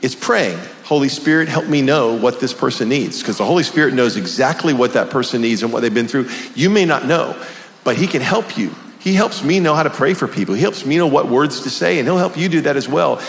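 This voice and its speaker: Male host, gravelly, mid-pitched, emphatic, in a reverberant room. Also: animated, fairly quick. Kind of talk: conversational podcast hosting.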